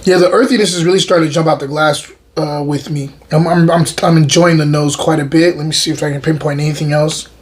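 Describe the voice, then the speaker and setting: A man hosting his own show, tasting and reviewing a wine in a relaxed, enthusiastic way and often repeating his words. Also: a little high, fast talker, few pauses.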